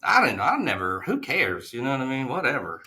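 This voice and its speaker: A man's voice: medium pitch, wildly swooping pitch, a little fast, pushed and bright, a little hiss or hum. A man co-hosting a casual podcast, ranting in exasperation and swearing heavily. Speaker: podcast co-host. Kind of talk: casual profane podcast chat.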